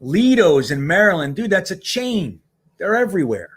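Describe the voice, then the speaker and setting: A livestream host at home in Miami chats loosely with viewers during a casual watch-along, reacting to plays as they happen. His voice is high-pitched and slightly rough, with big pitch swings and a moderate pace.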